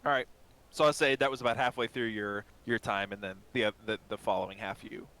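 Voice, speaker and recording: A man narrating as game master in a tabletop game, rambling and pausing often with fillers. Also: on the low side, a bit bright.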